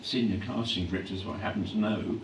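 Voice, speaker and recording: An older English man reflecting on his acting career in a live on-stage interview, clearing his throat often as his voice grows hoarse. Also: on the low side, steady tone, fast. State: voice growing hoarse. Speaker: actor being interviewed. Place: hall at a public event. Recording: echoey hall from a distance, faint hum.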